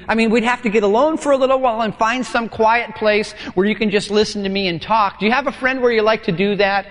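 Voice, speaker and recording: Male pastor, high voice, chatty and playful sermon delivery with long hall reverb. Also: steady tone, fast, few pauses, fairly bright tone. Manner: conversational, playful, acts out dialogue.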